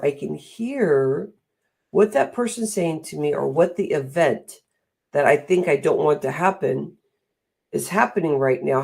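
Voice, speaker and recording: A middle-aged woman giving a motivational talk, animated and acting out the voices she quotes. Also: sits low, vocal fry, husky. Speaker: speaker and coach.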